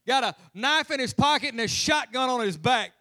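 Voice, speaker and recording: A man's voice: very high-pitched, expressive, moderate pace, bright, forceful tone. A man preaching a humorous, conversational sermon as pastor in a church. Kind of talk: lively sermon. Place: church sanctuary.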